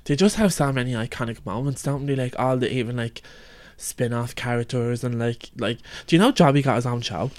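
A laid-back podcast co-host who rambles and pads sentences with fillers. The voice sits at a middle pitch. The sound is dry and close, with no room echo. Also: brisk. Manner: relaxed, rambling, fills with "like" and "you know what I mean". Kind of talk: casual chat.

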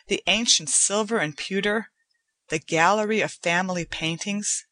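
Slow, unhurried woman storyteller. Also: mid-range voice, a bit bright, dry recording. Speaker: audiobook narrator. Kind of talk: scripted story narration.

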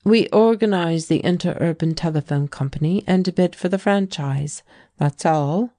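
A woman's voice: fairly low pitch, moderate pace, warm tone, dry recording, close to an everyday voice. A woman reading the first-person lines of a terse, confident male businessman in an audiobook.

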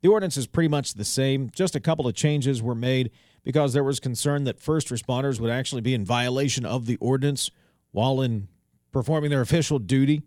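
A man's voice: medium pitch, brisk, darkish tone, dry recording. A man hosting a local talk radio show, reading headlines and commenting in a conversational way with wry asides. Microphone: studio microphone. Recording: dry studio sound.

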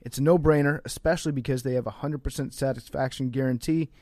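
A man's voice: medium pitch, steady tone, quick pace, darkish tone, no room sound. A podcast co-host reads sponsor spots in a dry, close recording with no room sound. He breaks the script with crude, joking asides. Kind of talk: ad read.

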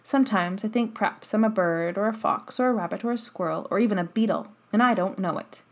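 A woman's voice: mid-range voice, lightly acted. Woman doing an easygoing Yorkshire moor boy. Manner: easy, unhurried dialect speech.

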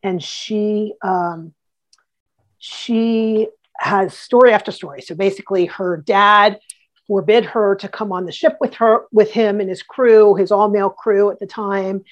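A woman guest on an interview, telling history anecdotes in a lively way with many restarts. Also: medium pitch, a little slow. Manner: animated, acts out quotes, many restarts. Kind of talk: casual storytelling.

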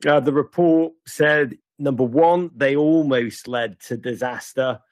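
A man's voice: mid-range voice, a little slow, darkish tone, no room sound. A man hosting a football review show, giving a scripted match-review monologue in a sardonic, theatrical, wry way.

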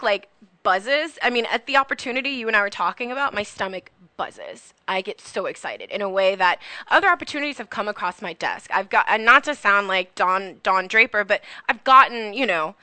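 A woman's voice: medium pitch, lively intonation, a little fast, bright, forceful tone, clean tone, no room sound. A young woman from Florida, a podcast guest, talking in a chatty, emotional, jokey way with lots of fillers. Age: young adult. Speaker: podcast guest, film student. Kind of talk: casual chat.

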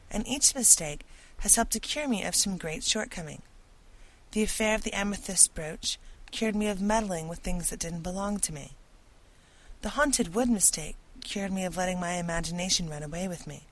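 A woman's voice: on the low side, natural voice, poor audio. A woman doing an earnest, dramatic young girl. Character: imaginative, talkative orphan girl Anne.

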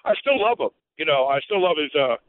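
A high-voiced male caller rattles along quickly, full of fillers and hesitations. His voice is dry and squeezed through a tinny phone line. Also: expressive, clean tone, no echo.

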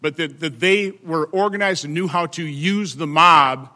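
A man at a hearing reading testimony into the record in a measured, halting way with many fillers. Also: fairly high pitch, bright, forceful tone. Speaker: senator at a hearing.

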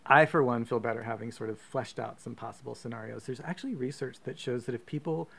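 A man hosting a podcast, reading out a silly story with a grin in his voice. His tone is gravelly and mid-range, with frequent laughs and a faint hiss of room noise. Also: mid-range voice, fast talker, fairly bright tone. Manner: playful, self-mocking, laughs often. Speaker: podcast host. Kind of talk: comic storytelling.

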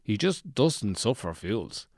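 A man's voice: on the low side, big pitch swings, slow, gravelly, no echo, studio quality, full character voice. A man voicing a deluded, gloomy man who lives in a shed, rambling in a meandering, self-pitying yet chirpy way.

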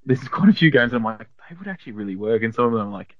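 A man's voice: medium pitch, sing-song, rapid-fire, no room sound, highs cut off. A man appearing as a podcast guest, speaking in rambling, hesitant casual chat full of restarts.

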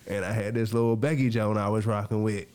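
A man hosting a podcast, telling a personal story in a casual, animated way, acting out what people said and laughing often. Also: on the low side, quick pace, smooth. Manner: animated, acts out quoted lines, laughs often. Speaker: podcast host.

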